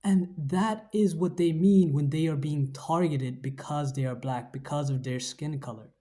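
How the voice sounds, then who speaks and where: Mellow, measured commentary voice. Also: mid-range voice. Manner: measured, weighs both sides. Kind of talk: explanatory commentary.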